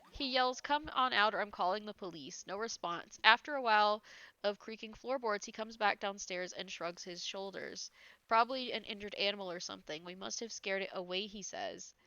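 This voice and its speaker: A woman's voice: mid-range voice, normal speed, sharp tone, no room sound, lo-fi sound. A woman reading ghost stories aloud, often breaking into giggles and incredulous asides, her nose a little congested. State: slightly congested.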